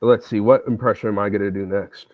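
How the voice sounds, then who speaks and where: A man chatting casually on a livestream while playing a game, relaxed and self-deprecating. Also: fairly low pitch, quick pace, no room sound. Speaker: streamer. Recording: tinny, phone-like, dry sound.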